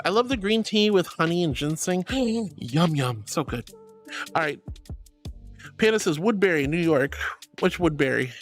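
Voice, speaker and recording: On a stream, a woman chats casually and reads out messages from viewers. Her voice moves back and forth between quiet, low musing and high, excited squeals.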